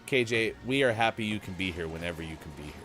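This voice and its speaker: A man's voice: sits low, animated, fast talker, a bit bright, soft background music. A man co-hosting a morning show, chatting casually and teasing, putting topic questions to listeners. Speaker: co-host of a morning gaming show. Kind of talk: casual radio-style chat.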